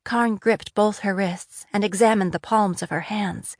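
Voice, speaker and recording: A woman's voice: mid-range voice, steady tone, a little slow, few pauses, no room sound, clean studio sound. Woman narrating a fantasy audiobook.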